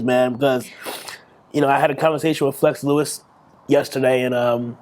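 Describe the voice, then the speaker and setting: His voice is medium in pitch, a little mellow and fairly even, and he speaks unhurriedly with frequent pauses. He's a man in his thirties, a bodybuilding champion giving a candid, emotional interview after his victory, cursing freely and restarting sentences often.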